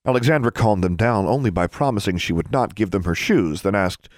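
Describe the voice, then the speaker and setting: Low guy reading a kids' book, lively ups and downs, dry close sound. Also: fairly quick, few pauses, no room sound. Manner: expressive storytelling. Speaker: narrator. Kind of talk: audiobook reading.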